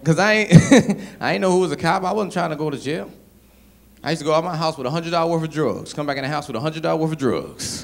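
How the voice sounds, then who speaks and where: Animated stand-up comic from Brooklyn. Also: male voice, on the high side, creaky, a little hiss or hum. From Brooklyn, New York. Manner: animated storytelling, shouts and acts out bits. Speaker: stand-up comedian. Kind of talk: stand-up comedy set. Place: comedy club stage.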